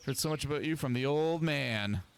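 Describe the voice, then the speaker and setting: A man's voice: fairly high pitch, a little fast, creaky, slight background noise. A man reading the lines of a chatty, gossipy woman neighbor who rambles and cuts people off. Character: chatty, nosy woman neighbor in wine country. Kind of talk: reading game dialogue aloud.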